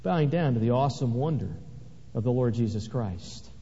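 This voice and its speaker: A man's voice: medium pitch, lively intonation, normal speed, warm tone. A man preaching a sermon, swelling dramatically when he reads scripture aloud. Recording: echoey hall, dull lo-fi sound.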